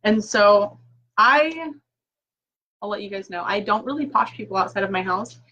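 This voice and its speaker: A woman's voice: mid-range voice, lively intonation, moderate pace, sharp tone, highs cut off. A woman chatting casually and upbeat through a live-stream recap from her home office, full of fillers and quoted asides. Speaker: direct sales consultant. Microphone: laptop mic.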